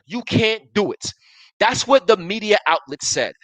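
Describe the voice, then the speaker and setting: Emphatic sports talk host, dry sound. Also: male voice, high voice, very animated, measured pace, a bit bright, dry recording, poor audio. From Buffalo area, US. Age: 30s. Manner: emphatic, repetitive, restarts sentences. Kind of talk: live sports talk show, reading viewer comments.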